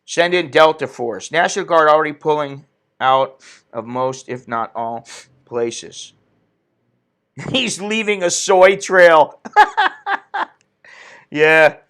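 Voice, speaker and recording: A man's voice: on the high side, lively intonation, slow, pauses often, a bit bright. A man hosting an opinionated commentary stream, ranting indignantly and reading viewer comments aloud. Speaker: political commentary host.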